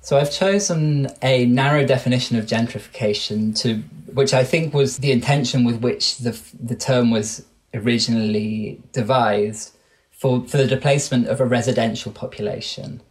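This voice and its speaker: A man's voice: medium pitch, moderate pace. A man in his thirties from Wales with an English accent, a guest on an interview podcast who speaks thoughtfully and keeps restarting and correcting his sentences. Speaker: guest researcher.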